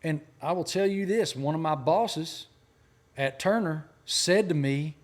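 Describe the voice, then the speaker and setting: A man from Appalachian Virginia with a Southern accent, a sports journalist telling stories with animated emphasis in an interview. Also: fairly high pitch, measured pace. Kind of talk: storytelling interview talk.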